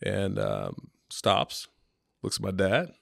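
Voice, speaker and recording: A man's voice: sits low, wildly swooping pitch, takes it slowly, vocal fry, a bit bright, no echo, studio quality. A man chatting casually, telling family stories with frequent laughter and acted-out quotes. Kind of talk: casual storytelling chat.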